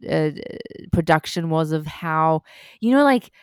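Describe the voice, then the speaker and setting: A woman in casual chat about a show, playful with quick asides. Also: low-pitched, expressive, smooth, no echo, clean studio sound.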